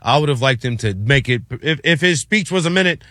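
A man with a bright, forward voice hosts a casual sports talk show. He talks with animated energy and keeps checking in with his co-host. The sound is dry and close, with no room around it. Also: medium pitch, fairly quick, no room sound. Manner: animated, repeats "you know what I'm saying".

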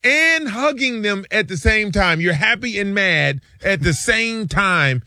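A man telling stories on a sports talk show and acting out his friends' lines. His voice is bright and forceful, with lively rises and falls. It sits slightly high and is recorded close and dry. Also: slow pace, no room sound. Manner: animated storyteller, acts out friends' lines. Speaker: sports radio co-host. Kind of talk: casual sports talk, storytelling.

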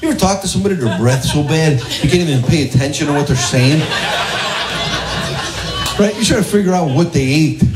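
Chatty comedian in an echoey club. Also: male voice, fairly high pitch, expressive, brisk, long pauses, heavy background noise. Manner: conversational, asks the crowd questions. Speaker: stand-up comedian. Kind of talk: stand-up comedy set. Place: comedy club with a laughing audience. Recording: echoey live club recording with loud crowd.

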